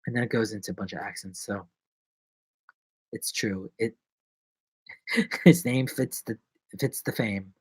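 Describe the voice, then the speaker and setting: A man's voice: measured pace, pauses often, slightly rough, no room sound. Jokey, rambling man on a live stream. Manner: jokey and rambling, swinging between loud bursts and low mumbles. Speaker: actor and vlogger.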